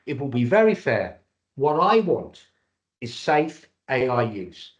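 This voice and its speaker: A man's voice: mid-range voice, very animated, takes it slowly. A man from Cyprus and Britain presenting a live webinar over a video call, jokey and salesman-like. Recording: dull lo-fi webinar audio.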